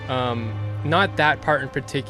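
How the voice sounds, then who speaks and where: A man's voice: mid-range voice, measured pace, over music. A man hosting a casual chat, speaking thoughtfully as he explains an idea. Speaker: host.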